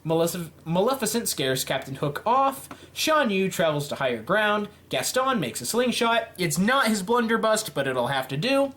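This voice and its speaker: Animated man reacting to a game. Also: high voice, moderate pace, few pauses. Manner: animated, playful running reactions. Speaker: YouTube game commentator. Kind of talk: reading out and reacting to a simulation game.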